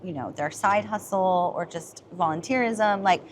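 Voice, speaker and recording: A woman chatting in a casual interview, animated and full of asides and fillers. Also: on the low side, normal speed, a little hiss or hum. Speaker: interviewee, community member.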